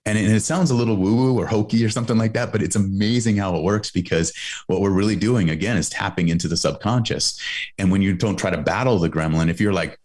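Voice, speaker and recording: A man's voice: low voice, fast talker, darkish tone. A middle-aged man, a guest on a podcast, earnestly explaining a coaching idea with frequent restarts. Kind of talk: conversational interview answer.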